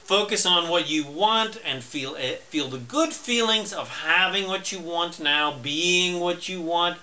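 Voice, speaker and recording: Here the motivational speaker's pitch is fairly high. His delivery is loud and insistent, and he deliberately slows to stress the central points of his self-help talk.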